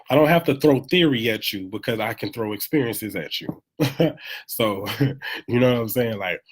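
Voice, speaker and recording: A man talking casually in a preachy, animated motivational monologue, live from home, repeating phrases for emphasis. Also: medium pitch, a little slow, pauses often, breathy edge.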